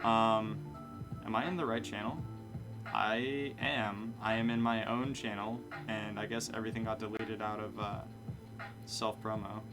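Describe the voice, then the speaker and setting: A man chats on a live stream in a plain, matter-of-fact way. His sentences drop at the end instead of lifting, and he wanders and corrects himself as he goes. Guitar music plays clearly under his voice. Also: on the low side, flat delivery, a little slow. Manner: matter-of-fact, falling inflections; rambling, self-correcting. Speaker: streamer and bartender. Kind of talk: casual live-stream chat. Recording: music playing behind.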